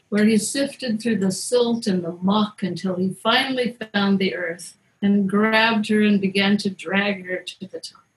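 A woman storyteller and podcast host retells a myth casually, wry and playful, as if chatting with friends. Her voice is mid-range, and the recording is rough.

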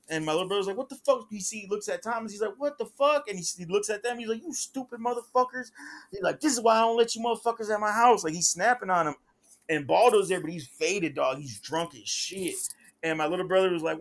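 Animated higher-voiced man telling a story. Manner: animated, acts out quotes with rising pitch, heavy slang. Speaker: podcast host. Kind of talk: casual storytelling.

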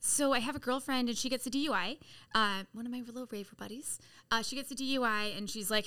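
A middle-aged woman from San Diego telling her life story on a podcast in a blunt, profane, animated way. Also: a little high, fast, clear, resonant tone. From San Diego, California. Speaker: podcast guest. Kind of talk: casual storytelling.

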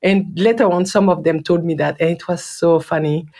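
A woman with a French accent tells her own story in an earnest, reflective way, often repeating words for emphasis. Her voice sits on the low side and has a gravelly, creaky texture. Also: fairly even intonation, moderate pace, warm tone. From Guadeloupe, French Caribbean. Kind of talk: personal storytelling.

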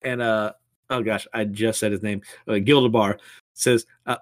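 A man's voice: on the low side, fairly even intonation, normal speed, no room sound. A man casually recapping a comic chapter and reading its dialogue aloud, amused and often laughing at the story.

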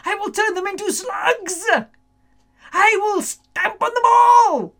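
A woman's voice: wildly swooping pitch, very slow, gravelly, husky, exaggerated voice. A woman playing a gloating witch stuck as an ant. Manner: gloating, swings from low mutters to shouts. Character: spiteful witch turned into a scuttling ant. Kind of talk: storybook reading.

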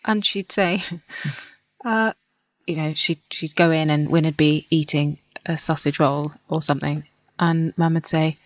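Brief: a woman, lowish voice, chatty host, quick laughter, dry sound. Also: steady tone, dry recording. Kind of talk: casual chat.

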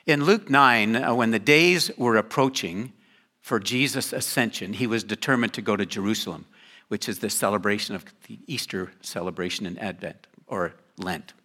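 An older man, a pastor, giving a sermon in a conversational, lively way with joking asides. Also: fairly low pitch, moderate pace.

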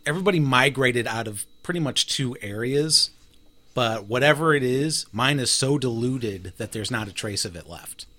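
A man's voice: mid-range voice, animated, normal speed, bright, forceful tone. A man hosting a casual group chat, reading out figures and laughing often. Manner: chatty, reads numbers out, laughs often. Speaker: host.

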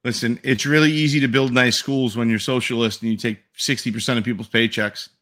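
Bright-voiced man ranting about sports. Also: mid-range voice, fairly even intonation, a little fast. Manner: profane, ranting, jokey. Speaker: podcast co-host. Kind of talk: casual sports chat.

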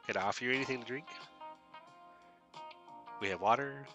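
Man doing a gentle middle-aged mother. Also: on the low side, expressive, moderate pace, music in the background, lightly acted. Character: kind middle-aged mother, warm hostess.

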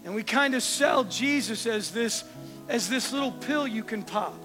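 A male preacher delivering an earnest sermon, firing rhetorical questions and sinking to a soft hush for emphasis. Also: extremely high pitch, animated, normal speed, over music.

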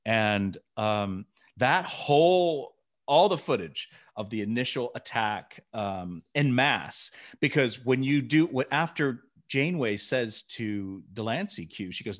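A man's voice: mid-range voice, slow. Middle-aged guy co-hosting a podcast, chatty, acts out bits of his stories. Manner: animated storytelling, acting out scenes. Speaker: podcast co-host. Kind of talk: casual chat.

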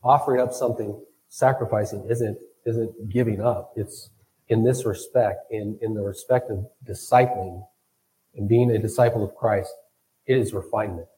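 A man's voice: on the low side, steady tone, moderate pace, mellow, poor audio. A man preaching a sermon, thinking aloud and often repeating his words as he goes. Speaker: pastor.

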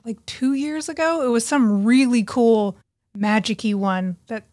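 A woman with a slightly high voice chats on a podcast, laughing often and putting on voices when she quotes herself. She talks freely and casually as an author. Her voice is close and dry, with no echo at all. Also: a little slow, a little mellow. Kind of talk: casual chat.

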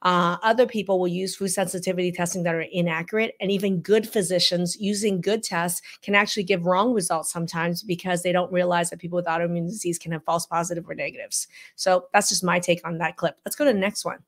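Emphatic female health practitioner, live reaction commentary, teacherly and animated. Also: on the low side, fast, few pauses. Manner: frequent "okay?" check-ins. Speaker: functional medicine practitioner.

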